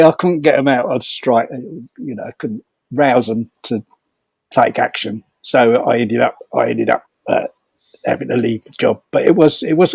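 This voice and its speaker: Older man, comic anecdote, slightly high voice, halting repeats, chuckles, dry close sound. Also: darkish tone, no room sound. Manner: halting, repeats words, chuckles while telling. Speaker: storyteller at a comedy fundraiser.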